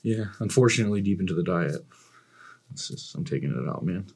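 A male bodybuilding coach with a husky, lowish voice. He talks bluntly and with enthusiasm, and he swears freely. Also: animated, brisk, darkish tone. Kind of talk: casual podcast conversation.

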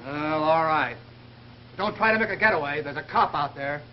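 An actor as a brash wisecracking police inspector, 1930s film. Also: male voice, fairly high pitch, lightly acted. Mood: brusque. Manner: brusque, fast-talking tough-guy banter. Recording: dull, hissy 1930s film soundtrack.

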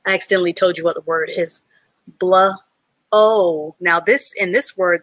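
A woman's voice: lowish voice, fairly even intonation, moderate pace, a bit bright, no echo. A woman teaching an adult reading class live online, patiently sounding out letters and words and praising learners from the chat.

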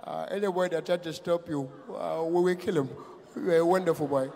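A man doing an impression of an elderly head of state who speaks low, soft and murmuring. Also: fairly even intonation, brisk, slight background noise, lightly acted. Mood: calm. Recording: echoey hall, live stage.

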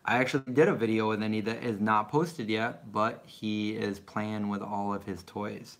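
A man's voice: fairly low pitch, steady tone, normal speed. A middle-aged man rambling casually as he answers viewer questions on a live stream. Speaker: vlogger answering live chat.

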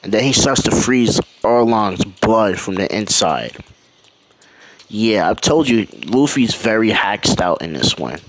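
A man casually telling a fan-fiction story in a loose, animated, rambling way. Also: fairly low pitch, a little slow, a little hiss or hum. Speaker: channel host.

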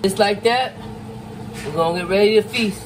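Middle-aged male vlogger, high voice, laid-back and savoring, faint outdoor hiss behind. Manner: relaxed, savoring food with drawn-out mms. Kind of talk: casual cooking vlog talk. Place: outdoors at a campsite.

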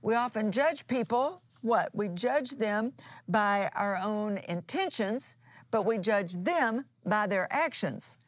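A woman's voice: mid-range voice, animated, takes it slowly, dry recording. A woman pastor and co-host giving a conversational Bible teaching in an earnest, plain-spoken way, restarting phrases as she explains.

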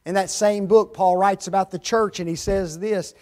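At a moderate pace and with a steady tone, a preacher drives his sermon home with emphasis and rhetorical questions. He alternates between loud, climbing stress and hushed, low drops.

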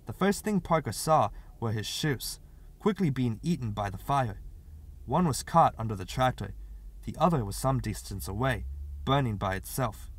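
A man narrating a literary short story as an audiobook reader, in a steady, expressive way. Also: medium pitch, moderate pace.

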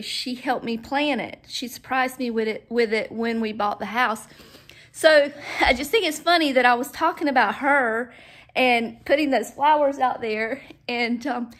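A woman with a slightly high voice, talking casually through a home vlog. She is chatty and sentimental, trailing off mid-thought and restarting as she goes. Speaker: home vlogger. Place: at home, indoors and out in the yard.

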